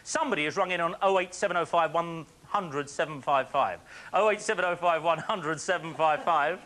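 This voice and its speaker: A man presenting a phone-in quiz on a studio show, chatty and jokey with quick patter and frequent laughs. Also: on the high side, a bit bright. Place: TV studio with live audience. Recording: faint audience and studio noise.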